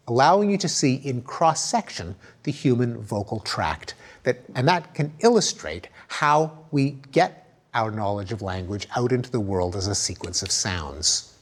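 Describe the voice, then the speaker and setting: Middle-aged male lecturer, mid-pitched, very animated intonation, explanatory. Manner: explanatory, demonstrates sounds aloud; lively, emphatic intonation. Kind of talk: recorded academic lecture.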